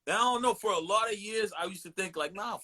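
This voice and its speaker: A man in his forties talks as a podcast guest, with a bright, forceful voice that sits a bit high for a man. He tells loose, profane stories with lots of animation and impressions. It is easygoing, casual chat. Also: quick pace. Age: 40s.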